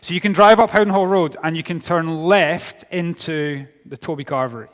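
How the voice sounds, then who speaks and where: A man's voice: a little high, normal speed. Scottish man preaching in a reverberant hall. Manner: humorous, wry storytelling with sudden drops to quiet. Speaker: youth speaker. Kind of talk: sermon. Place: large hall.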